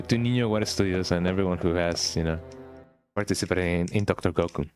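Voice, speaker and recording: Streamer: young man, low voice, loose rambling game chat, faint music behind. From Mexico. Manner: rambling, with frequent "eh?" tags. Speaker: gaming streamer. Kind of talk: casual gameplay commentary.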